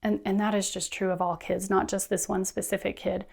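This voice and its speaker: A woman teacher trainer giving friendly, brisk instructional talk, often acting out what students and teachers say. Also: medium pitch, level tone, creaky, darkish tone, slightly rough. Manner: friendly, brisk, acts out classroom quotes.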